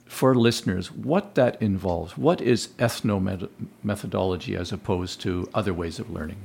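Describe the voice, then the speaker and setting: A man's voice: sits low, normal speed, creaky, a little mellow, a little hiss or hum. A man interviewing a guest, asking long winding questions with light chuckles.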